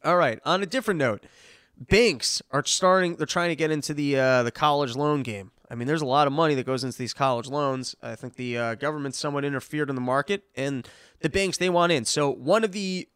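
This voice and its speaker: Sarcastic guy ranting about the news, swears a lot, kinda high voice, dry close mic. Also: a little fast, fairly bright tone, smooth, dry recording. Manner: rambling, profane, sarcastic. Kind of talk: comedic news commentary.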